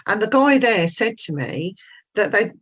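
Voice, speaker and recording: A woman guest telling stories in a casual chat, chatty and quick to laugh. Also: medium pitch, big pitch swings, breathy edge.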